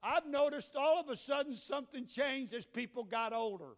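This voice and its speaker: A man in his sixties with a Southern US accent, preaching a Pentecostal sermon as pastor, moving from quiet storytelling to shouted preaching in a church. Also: very high voice, expressive, normal speed. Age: 60s. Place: church sanctuary. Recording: echoey hall with long reverb.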